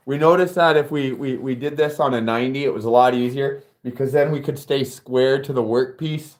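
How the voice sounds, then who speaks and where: A man's voice: medium pitch, a little fast, few pauses. A man giving a casual workshop build tutorial as a car audio installer, chatty and profane, talking straight to his viewers.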